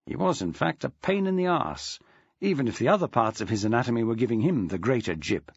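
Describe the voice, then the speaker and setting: A man's voice: medium pitch, expressive, a little fast, husky, dry recording, highs cut off. A man narrating an audiobook in a dry, wry storytelling manner. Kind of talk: scripted narration.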